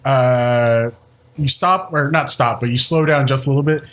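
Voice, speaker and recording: A man's voice: mid-range voice, normal speed, a bit bright. A man narrating a tabletop game as game master, rambling with many fillers. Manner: rambling, filler-heavy description.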